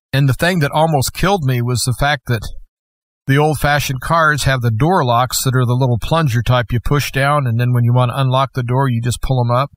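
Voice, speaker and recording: A man as guest host, slowly and earnestly telling a personal story. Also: medium pitch, fairly bright tone, dry recording. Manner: earnest, slow and measured storytelling. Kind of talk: personal testimony.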